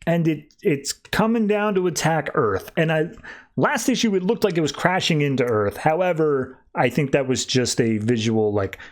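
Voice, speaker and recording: A man hosting a podcast, giving a casual comic book review with an animated recap. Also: a little high, normal speed. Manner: animated recap, acting out character lines. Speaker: podcast host.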